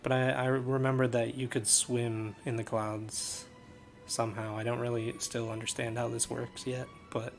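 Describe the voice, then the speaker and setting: A man's voice: medium pitch, level tone, normal speed, faint music behind. A man casually commenting while streaming a game, chatty and joking with his chat.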